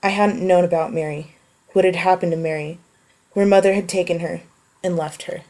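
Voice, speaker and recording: A woman with a slightly low voice talks in an offhand, wry way. She makes a casual voice post and answers a list of questions. When she reads prose aloud, she slows down and keeps it even. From United States. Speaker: vlogger answering a question meme.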